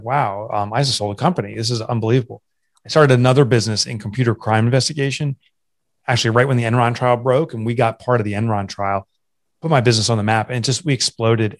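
A man in his forties, a guest entrepreneur and author, telling his story candidly in an interview, earnest and at times choked up. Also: mid-range voice. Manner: earnest, confessional, restarts often. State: emotional, voice catching.

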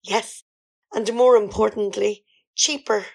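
A woman's voice: medium pitch, steady tone, slow, creaky, a little mellow. A woman in an amateur radio comedy sketch, playing a grand diva singer who talks in a theatrical, self-important way.

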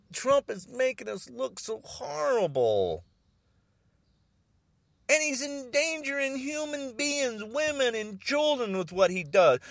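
A man's voice: very high-pitched, vocal fry, sharp tone, no room sound. An older man in an angry, agitated political rant, repeating himself and stumbling over restarts.

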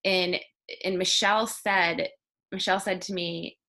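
A woman's voice: on the low side, fairly even intonation, a little slow, sharp tone. A woman hosting an interview, talking in an earnest and reflective way. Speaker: host. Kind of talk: conversational interview.

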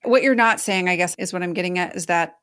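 A woman's voice: on the low side, fast, a bit bright, clean tone. A woman hosting a podcast, asking questions and closing the show in an encouraging, affirming way. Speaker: podcast host. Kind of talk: interview and podcast outro.

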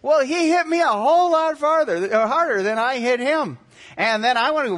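A man in his forties, a pastor preaching a sermon, animated and acting out quotes in shifting voices. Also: very high-pitched, normal speed. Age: 40s.

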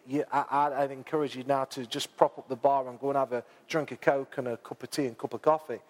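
A man preaching a sermon, chatty and informal, who rises to loud, dramatic peaks when he reads scripture aloud. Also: on the high side. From England. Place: church hall. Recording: long church hall reverb.

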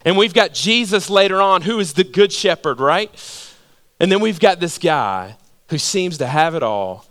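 A male pastor delivers a sermon with a notably high-pitched voice. He tells stories in an animated way and keeps drawing listeners in with rhetorical questions. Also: moderate pace.

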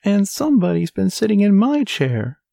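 Tiny shrill baby bear in a storybook, squeaky and high. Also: male voice, very animated, normal speed, vocal fry, mellow, no room sound, clean studio sound, heavily acted. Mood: upset.

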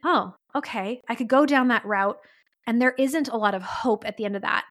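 A woman's voice: a little high, fairly quick, fairly bright tone. A woman hosting a podcast, telling a story in an earnest, heartfelt way. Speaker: podcast host. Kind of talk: solo podcast monologue.

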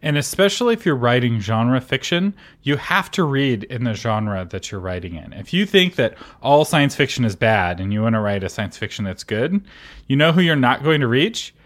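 A man co-hosting a writing podcast, giving advice in a casual chat, emphatic with quick laughing asides. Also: medium pitch, very animated. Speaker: podcast co-host and author consultant.

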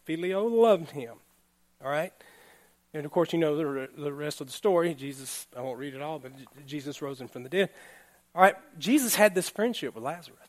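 A man pastor giving a relaxed, conversational sermon, laughing now and then and often checking in with the congregation. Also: fairly high pitch, a little fast. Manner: chatty, laughing, keeps asking "all right?".

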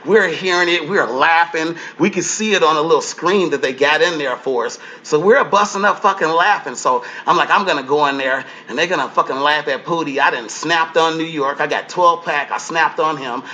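A man, a comedian and guest, telling a story in an animated, profane way and acting out other people's lines in changing voices. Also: on the high side, normal speed, hardly any pauses.

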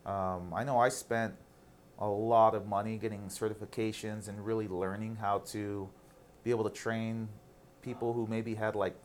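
A man's voice: lowish voice, level tone, moderate pace, a little hiss or hum. A man in his thirties, a guest on a casual interview, telling stories candidly and animatedly, with some casual swearing.

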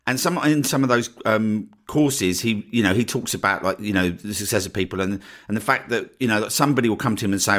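Chatty Essex man, low voice. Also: fast, few pauses, fairly bright tone. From northeast Essex, England. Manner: chatty, often ends points with "right?". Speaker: podcast host. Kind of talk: casual solo podcast talk.

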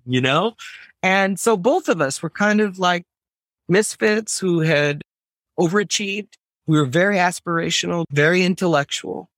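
An American man, a professor, talking in a casual interview with animated, emphatic, digressive speech. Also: high-pitched, moderate pace, no echo, studio quality. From United States. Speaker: professor, podcast guest.

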